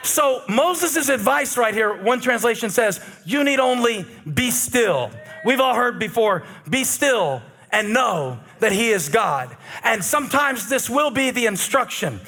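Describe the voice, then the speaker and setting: Male pastor, high and very expressive voice; humorous, animated sermon delivery. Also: a little slow, hardly any pauses, faint music behind. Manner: animated and humorous, shouting at peaks.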